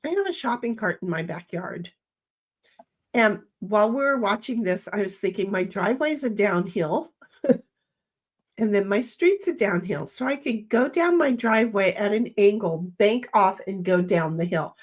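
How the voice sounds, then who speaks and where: A woman's voice: mid-range voice, lively intonation, moderate pace. An older woman co-hosting a casual livestream, reading chat messages aloud in playful voices.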